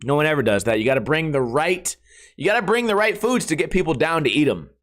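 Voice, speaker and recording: A man in his thirties hosting a casual solo podcast, rambling and joking with lots of swearing and quick impressions of friends. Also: on the high side, sing-song, fairly bright tone. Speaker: podcast host.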